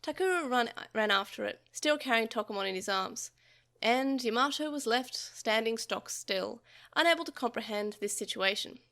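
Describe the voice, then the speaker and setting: Young woman, novel read-aloud, lively storytelling, bright and forceful tone, slightly high voice. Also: moderate pace. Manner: lively storytelling with small slips and restarts. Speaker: podcast host reading a novel translation.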